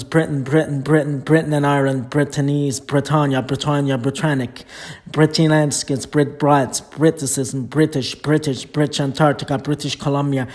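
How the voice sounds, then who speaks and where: Guy droning through a long list of titles, super flat monotone, barely moves his pitch. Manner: flat, steady list reading. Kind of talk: reciting an alphabetical list of titles.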